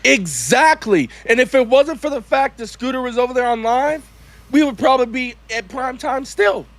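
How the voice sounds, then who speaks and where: A man co-hosting a livestream, talking in a halting, rambling way. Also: very high voice, expressive, a bit bright. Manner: halting, rambling, with false starts. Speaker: co-host of a livestream show. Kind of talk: casual livestream chat.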